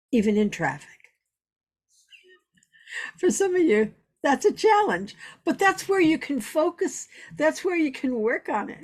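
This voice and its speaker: A woman's voice: fairly high pitch, breathy edge. A woman spiritual teacher giving an earnest, repetitive teaching talk, weaving in personal stories.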